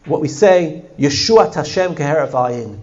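Animated man teaching a text class. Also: on the high side, a little slow, lo-fi sound. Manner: animated, often asks the class questions. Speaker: Torah teacher.

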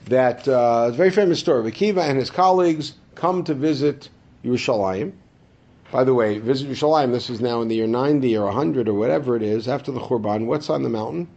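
A man teaching a Torah class, asking the room rhetorical questions and answering them himself, dropping into low asides and rising to emphatic high points. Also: fast, a little mellow, highs cut off. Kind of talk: classroom lecture.

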